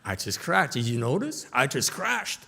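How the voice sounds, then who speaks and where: A man's voice: mid-range voice, big pitch swings, normal speed, gravelly, pushed and bright, husky, voice pushed up, full character voice. A man voicing a proud young boy who shows off and fishes for praise in a storytelling talk. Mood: boastful. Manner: boastful, fishing for praise.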